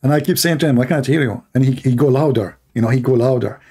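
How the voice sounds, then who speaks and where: A man's voice: medium pitch, fast talker, warm tone, husky. A man hosting a live call-in stream, mocking and repeating his phrases as he talks to callers and the audience.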